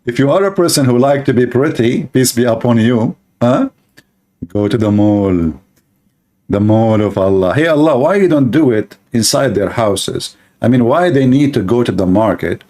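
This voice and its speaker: A man's voice: mid-range voice, lively intonation, normal speed, warm tone. A man giving mocking commentary on religious texts, sarcastic and laughing at his own jokes.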